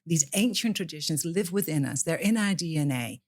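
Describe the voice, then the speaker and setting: Low-voiced impassioned woman. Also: lively intonation, fairly quick, darkish tone, no echo. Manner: impassioned, preacher-like. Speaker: guest, priestess. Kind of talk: podcast interview.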